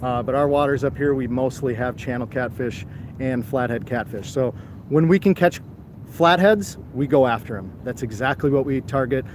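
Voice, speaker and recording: A man's voice: mid-range voice, normal speed, darkish tone, slight background noise. A man co-hosting a live fishing stream outdoors at night, greeting viewers by name and chatting casually about catfish. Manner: reads out viewer names and greetings. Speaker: fishing show co-host.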